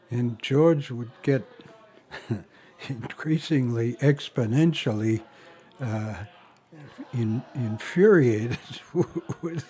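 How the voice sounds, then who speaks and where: A man's voice: mid-range voice, dark tone, slightly rough. An older man tells family stories in a rambling way, chuckling often and stopping to restart. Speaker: family member sharing memories. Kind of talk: casual storytelling.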